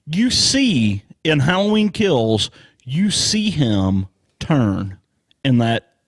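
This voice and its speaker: A man co-hosting a casual podcast, talking slowly and emphatically, swearing often and sounding worked up. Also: medium pitch, big pitch swings, no echo. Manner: slow, emphatic, profane, worked up. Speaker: podcast co-host.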